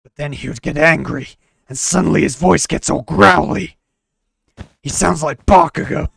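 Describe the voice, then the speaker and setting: A man's voice: fairly high pitch, moderate pace, creaky, fairly bright tone, breathy edge, dry recording. A man chatting casually on a live stream, rambling and trailing off, with a quirky way of talking. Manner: rambling, trails off and restarts often; talks with many quirks, by his own account.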